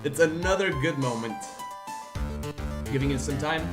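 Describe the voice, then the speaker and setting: A woman's voice: low-pitched, normal speed. A woman streamer playing a visual novel, reading its dialogue aloud and adding frank, sweary asides. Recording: roomy sound with loud game music. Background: loud game music.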